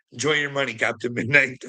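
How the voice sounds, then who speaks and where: Bright-voiced man, sarcastic ranting streamer. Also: medium pitch. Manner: sarcastic, mocking, swears a lot, laughs often. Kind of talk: profane livestream rant to chat.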